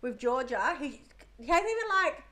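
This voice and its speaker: Woman, middle-aged, fairly high voice, blunt, swears a lot, casual podcast chat. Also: very animated, normal speed, sharp tone. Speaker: podcast co-host.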